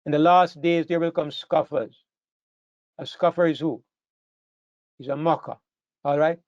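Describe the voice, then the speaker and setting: A man's voice: a little high, fairly even intonation, measured pace, no echo, dull audio. A man preaching a sermon to a congregation, earnest and emphatic, repeating phrases as he builds to stressed points. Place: church hall with a live congregation.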